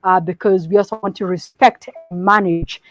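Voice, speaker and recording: A woman with a Kenyan accent giving a business presentation to partners. She switches between English and Swahili mid-sentence and speaks in a measured, instructive way. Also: lowish voice, fairly even intonation, no room sound, soft background music. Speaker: company presenter.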